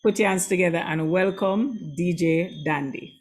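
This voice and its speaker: A woman's voice: lowish voice, moderate pace, breathy edge. A woman hosting an online school concert, thanking performers and introducing the next act in a gracious, chatty way. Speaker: concert host.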